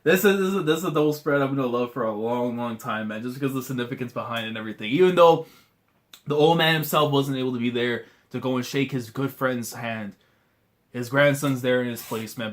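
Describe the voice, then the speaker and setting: A young man reacting live to a manga chapter, his voice swinging from hushed and choked up to loud pleading outbursts. He talks casually, stumbles over his words and keeps tacking on "man" and "bro." His pitch sits in a middling range for a man. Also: a little fast. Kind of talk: emotional live reaction commentary.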